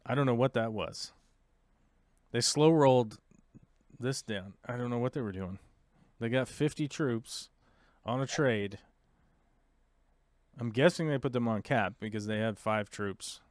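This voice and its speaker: A man of middle pitch chats his way through a strategy game, thinking aloud and dropping sarcastic asides. His voice sits close and dry, with no room sound around it. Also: a little slow, pauses often, no echo. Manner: explains the game controls to viewers. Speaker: live-stream host. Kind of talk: casual play-by-play while playing a strategy game.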